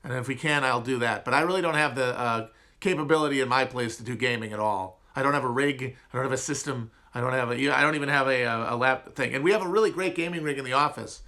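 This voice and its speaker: A man's voice: medium pitch, fast, sharp tone. A man with a nasal upper Midwest American accent, hosting a casual livestream chat and rambling through audience questions in a self-mocking way. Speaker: podcast host answering chat.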